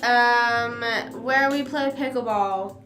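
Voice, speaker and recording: This young woman streams from a room at home, speaking slowly in a fairly high voice as she rambles chattily with lots of fillers. The recording carries a roomy echo and faint background music.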